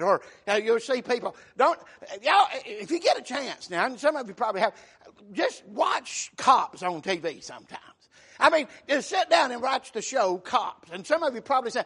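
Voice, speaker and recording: A man preaching a sermon, emphatic, calling out amen and shouting at the peaks. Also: very high voice, expressive, moderate pace, breathy edge. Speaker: pastor.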